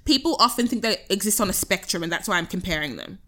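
Bright-voiced chatty woman. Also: mid-range voice, fast talker. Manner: chatty, expressive storytelling with many fillers. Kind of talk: casual chat.

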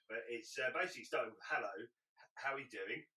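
A man's voice: mid-range voice, fast, pushed and bright. A British man co-hosting a podcast, telling a story and acting out the quoted lines. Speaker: podcast co-host. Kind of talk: casual storytelling banter. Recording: echoey, distant mic with faint hiss.

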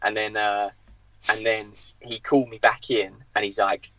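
A man, a former footballer, telling an anecdote on a podcast, animated and acting out the dialogue, with frequent "like" fillers. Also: on the low side, moderate pace, rough recording. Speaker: former professional footballer, guest. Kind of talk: podcast storytelling.

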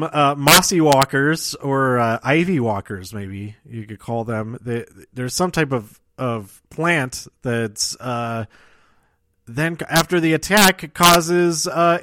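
A man casually recapping a TV episode, rambling and halting with many fillers, restarts and chuckling asides. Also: a little high, a bit bright, no room sound. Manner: self-deprecating and chuckling asides.

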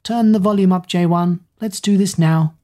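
A woman's voice: fairly low pitch, normal speed, dark tone, lightly acted. A woman voicing a cruel, scheming Witch Queen who mocks and gloats over her captives in a storybook reading. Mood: commanding. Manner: mocking, gloating.

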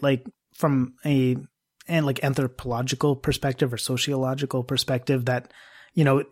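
A podcast host in casual discussion who muses aloud and asks long, winding questions. The voice has a middle pitch and an everyday, conversational delivery. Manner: musing, questioning, long-winded.

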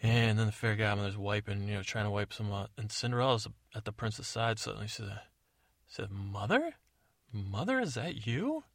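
A man hosting a sleep podcast, telling a bedtime story in a meandering, digressive, low-key way. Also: little pitch movement, a little fast, dry recording, clean studio sound.

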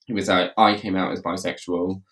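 A man co-hosting a podcast, telling a story in casual chat, quick and animated, laughing often and acting out what others said. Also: low-pitched, distant mic. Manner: animated, laughs often, quotes others in rapid reported speech. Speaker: podcast co-host.

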